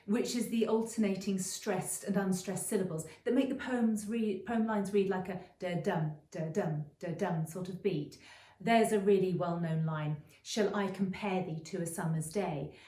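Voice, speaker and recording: A middle-aged woman teaching creative writing in a chatty, explanatory video lesson, often pausing with ums and restarting phrases. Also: medium pitch, a little mellow, distant mic. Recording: roomy echo, voice a bit off-mic.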